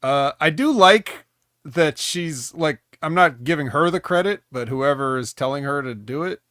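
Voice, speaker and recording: A man's voice: a little high, lively intonation, moderate pace, a bit bright, no room sound. A man co-hosting a wrestling review podcast, recapping matches in a dry, joking, rambling way. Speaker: wrestling show co-host. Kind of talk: casual podcast chat.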